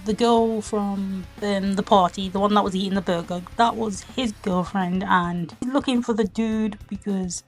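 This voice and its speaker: A woman's voice: mid-range voice, steady tone, normal speed, few pauses, faint music behind. A woman casually reviewing online videos, retelling the plot in a rambling, giggly, exclamatory way.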